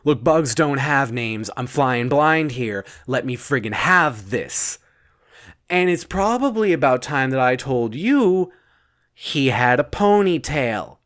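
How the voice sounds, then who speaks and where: A man telling an improvised comic bedtime story, rambling, breaking off and adding deadpan asides. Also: medium pitch, slow.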